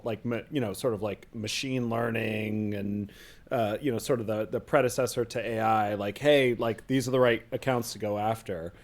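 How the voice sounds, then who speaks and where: Male podcast co-host, mid-pitch, storyteller who builds to excited punchlines. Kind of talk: casual chat, storytelling.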